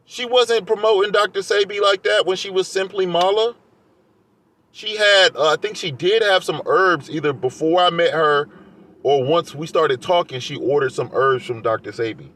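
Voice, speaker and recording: A man's voice: high-pitched, normal speed, fairly bright tone. A man vlogging in a heated, defensive rant, airing grievances to his viewers. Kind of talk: casual rant to camera.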